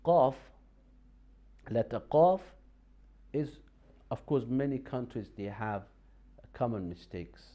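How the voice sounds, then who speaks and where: A man teaching Quran recitation on a TV lesson, explaining pronunciation patiently in a halting way, with many fillers and restarts. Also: medium pitch, lively intonation, dull audio.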